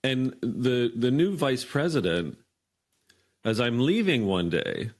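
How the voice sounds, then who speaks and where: A man in his fifties, a podcast guest, telling a workplace story in a lively way and acting out the dialogue. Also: medium pitch, slow pace. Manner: animated storyteller, acts out quoted dialogue. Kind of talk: storytelling in an interview.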